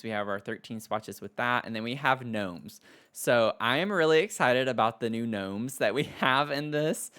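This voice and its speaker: An excitable man talks through game items in a casual voice-over review. His voice sits in an ordinary middle pitch. He gushes and gasps often, and his chatty delivery is full of fillers and repeated words. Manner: gushing and excitable, frequent gasps and "oh". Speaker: game content creator.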